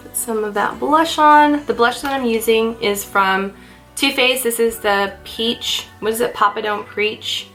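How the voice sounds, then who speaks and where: A woman's voice: mid-range voice, bright, forceful tone, rough recording. Chatty young woman doing a makeup vlog. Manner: chatty, self-mocking, talks while doing makeup. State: out of breath. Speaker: beauty vlogger. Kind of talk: casual get-ready-with-me makeup chat. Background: faint background music.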